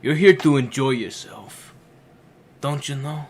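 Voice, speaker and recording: A man voicing a spooky talking ocean that coaxes the listener in a hushed, teasing way, as a comedic game reading. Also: mid-range voice, measured pace, slight background noise, close to an everyday voice. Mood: coaxing.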